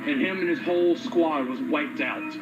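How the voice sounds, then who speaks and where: A man's voice: a little high, normal speed. Indignant man over muffled music. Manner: indignant, with frequent fillers. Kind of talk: casual political chat. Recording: dull, muffled sound with music behind.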